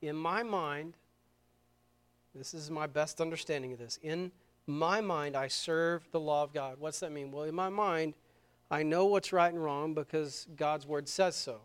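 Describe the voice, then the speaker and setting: High-voiced preaching man, fervent. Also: measured pace, smooth. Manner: swings from quiet and intimate to loud and fervent. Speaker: pastor. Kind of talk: sermon. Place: church sanctuary.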